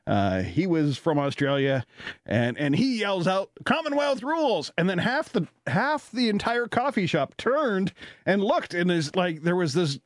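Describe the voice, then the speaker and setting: Canadian male host, chatty storyteller, lively pitch, dry sound. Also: unhurried, dry recording. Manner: rambling, animated, laughs often, many fillers. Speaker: radio talk show host. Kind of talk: casual storytelling chat.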